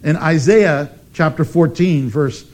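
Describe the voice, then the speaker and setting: A man preaching a sermon as pastor, emphatic and animated, with dramatic pauses. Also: a little high.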